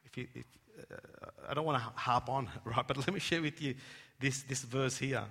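A man preaching a sermon, dropping to hushed tones and rising to loud emphatic cries. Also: medium pitch, moderate pace, slightly rough. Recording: long hall reverb.

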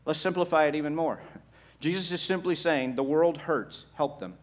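A man pastor preaching a sermon, swinging between quiet, low passages and loud, emphatic ones, with rhetorical questions to the congregation. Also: normal speed.

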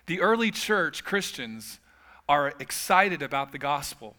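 A man's voice: fairly high pitch, big pitch swings, unhurried, sharp tone. A man preaching a sermon as pastor, telling humorous stories with casual asides.

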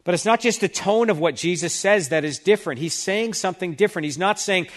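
A male pastor delivers a sermon in a slightly higher-than-average voice. He reads scripture passages aloud with emphasis, then explains them to his listeners. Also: brisk, few pauses.

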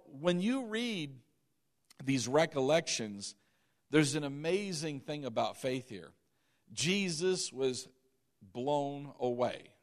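Higher-voiced man preaching a sermon. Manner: reads scripture aloud and repeats key phrases for emphasis; asks the congregation to repeat words with him. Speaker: pastor.

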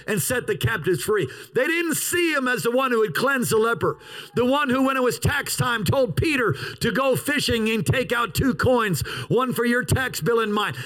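A man in his fifties from the United States preaching a sermon as pastor, animated, sometimes shouting and sometimes slowing down hard for emphasis. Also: very high-pitched, low-quality recording.

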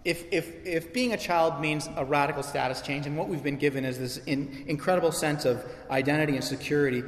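Impassioned preacher in an echoing hall. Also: male voice, fairly high pitch, brisk. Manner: conversational, impassioned preaching with emphatic repetition. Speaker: pastor. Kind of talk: sermon. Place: church sanctuary. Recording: echoey hall with long reverb.

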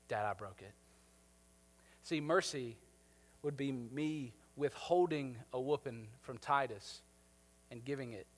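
A man in his thirties preaching a sermon, talking conversationally and checking in with the congregation. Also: medium pitch. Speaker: pastor. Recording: long hall reverb.

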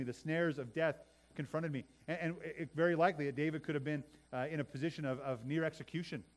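A middle-aged man, a pastor, preaching a sermon to his congregation, often repeating words and swinging between loud and soft for emphasis. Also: a little high.

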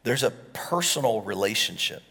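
A pastor in his forties preaching a sermon, swinging between loud, animated passages and hushed, quiet lines. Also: on the low side, normal speed, vocal fry, breathy edge. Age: 40s. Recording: long hall reverb.

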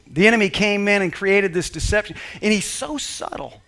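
Male pastor, high-pitched and ringing, emphatic sermon delivery. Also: normal speed. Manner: emphatic, swings from quiet to shouting.

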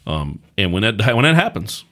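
Middle-aged pastor-host, deep voice, loose folksy storyteller, casual podcast talk. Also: male voice, big pitch swings, moderate pace, sharp tone.

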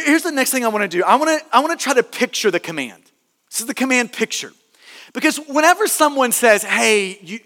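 A man's voice: very high voice, pushed and bright, big-room sound. A male pastor preaching a sermon, earnest and emphatic, often restarting and repeating words for stress.

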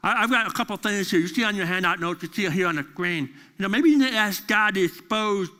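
A man preaching a sermon with animated storytelling and repeated phrases. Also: sits high, fast talker, big-room sound. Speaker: pastor.

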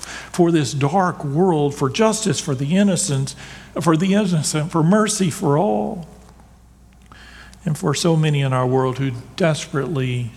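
A man preaching a sermon as a pastor, building to emphatic peaks and dropping to soft, hushed lines. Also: a little high. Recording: long hall reverb.

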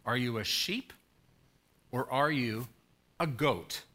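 A man's voice: mid-range voice, slow, pushed and bright. A man preaching a sermon as pastor, urging and pleading with his congregation through emphatic repeated questions.

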